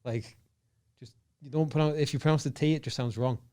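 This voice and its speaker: A man's voice: mid-range voice, fairly even intonation, a little fast, darkish tone. A young man with a Teesside accent, a podcast guest chatting casually in a rambling, sweary way. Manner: rambling, sweary, with many "like" fillers.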